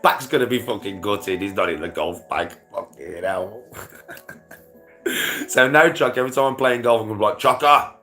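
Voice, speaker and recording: A man's voice: lowish voice, moderate pace, fairly bright tone, faint music behind. A man livestreaming casual chat to his viewers, rambling and swearing, with frequent laughter.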